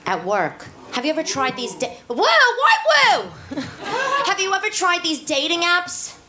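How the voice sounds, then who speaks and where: A woman playing a brash, divorced New York single mother with a nasal New York accent, doing loud, brassy crowd work in a live cabaret comedy set on stage. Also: very high-pitched, huge pitch swings, a little slow, heavily acted. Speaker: stand-up character. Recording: echoey room, noisy live venue.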